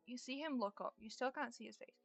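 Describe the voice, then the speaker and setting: A woman's voice: a little high, a little fast, creaky, fairly bright tone, breathy edge, faint music behind. A woman narrating a tabletop game as game master in a casual, chatty way.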